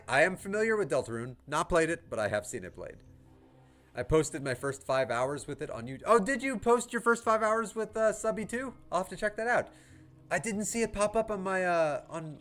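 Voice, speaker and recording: A man's voice: a little high, a bit bright. A man streaming a game, chatting casually with viewers, with lots of fillers and laughs. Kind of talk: casual livestream chat.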